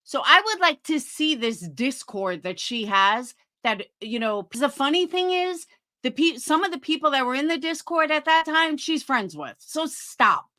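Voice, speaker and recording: A woman's voice: high voice, very animated, normal speed, pushed and bright, no echo, clean studio sound. A woman livestreaming, defending herself in an indignant, sarcastic tone while talking to her chat.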